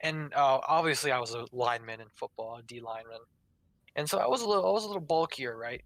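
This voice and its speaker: A man's voice: mid-range voice, animated, fast, fairly bright tone, no room sound, poor audio. A young man co-hosting a podcast, chatting casually and rambling, with lots of fillers while he acts out quoted lines. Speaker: podcast co-host. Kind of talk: casual chat.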